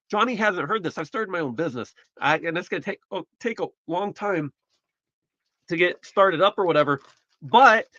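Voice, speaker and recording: A man's voice: a little high, bright, forceful tone, no echo, lo-fi sound. A man from the United States hosting a casual live stream, chatting in a rambling, self-correcting way while recovering from surgery. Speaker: livestream host.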